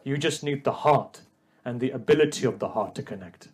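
A man's voice: mid-range voice, fairly quick, breathy edge. A man delivering an emotional religious sermon, addressing the congregation directly and building to a raised, pleading delivery. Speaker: preacher.

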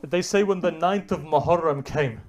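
A man preaching an emotional sermon story, swinging from hushed low tones to loud, impassioned climaxes and asking the audience rhetorical questions. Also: moderate pace, a crowd in the background.

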